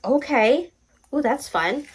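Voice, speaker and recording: A young woman hosting a casual book vlog, bubbly and excitable, often laughing at herself. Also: high-pitched, slow pace, rough recording. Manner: bubbly, excitable, self-mocking. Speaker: booktube host.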